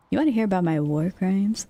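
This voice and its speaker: A woman's voice: medium pitch, warm tone. A woman streaming live, chatting casually and reacting to her chat's messages. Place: lives in the United States.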